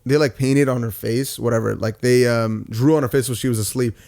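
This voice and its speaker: A man's voice: mid-range voice, fairly even intonation, a little fast, creaky, darkish tone, no echo, studio quality. A young man co-hosting a podcast in casual, profane, joking chat. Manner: profane, joking, breaks into mock British accents. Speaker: podcast co-host.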